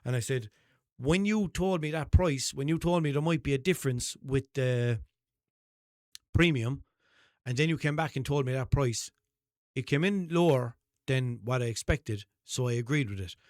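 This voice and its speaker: Irish podcast host, young man, mid pitch, dry close sound, animated sweary storyteller. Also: normal speed, no room sound. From Ireland. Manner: animated, swearing, acts out both sides of a phone call. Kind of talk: casual storytelling monologue.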